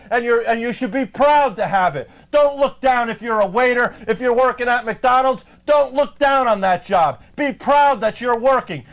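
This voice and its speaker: High-pitched man ranting indignantly. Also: rough recording. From United States. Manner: heated, indignant ranting with stammered fillers. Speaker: host of a live web show. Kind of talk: ranting political call-in show.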